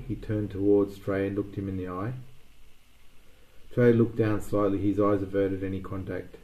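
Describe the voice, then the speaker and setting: A man's voice: deep voice, little pitch movement, moderate pace, muffled recording. A man narrating a story aloud, reading with occasional restarts and small slips.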